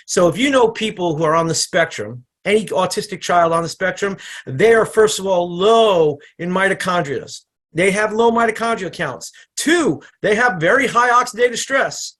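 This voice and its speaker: A man, a chiropractor, giving a casual, energetic product training on an online call, often repeating himself and restarting sentences. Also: high-pitched, normal speed. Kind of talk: casual presentation on a video call. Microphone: computer microphone on an online call.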